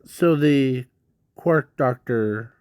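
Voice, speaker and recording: A man slowly narrating an improvised fan story, halting often with restarts and fillers. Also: medium pitch, a little mellow, clean tone, dry recording.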